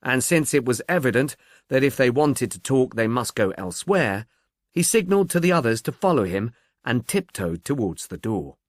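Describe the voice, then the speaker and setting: A man's voice: mid-range voice, very animated, normal speed, dry recording. Guy narrating a book, wry, voice moves around a lot, dead dry room. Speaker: audiobook narrator. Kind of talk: scripted narration.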